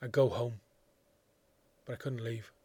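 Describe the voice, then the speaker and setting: Man, story narrator, measured, quiet, reflective, dry studio sound. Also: mid-range voice, fairly even intonation, husky, no room sound. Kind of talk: audiobook reading of a literary story.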